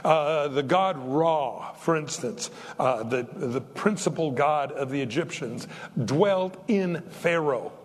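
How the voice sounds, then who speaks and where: A man preaching a sermon in a folksy, animated way, with humorous asides between his points. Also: mid-range voice, takes it slowly, hardly any pauses. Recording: long reverb of a large hall.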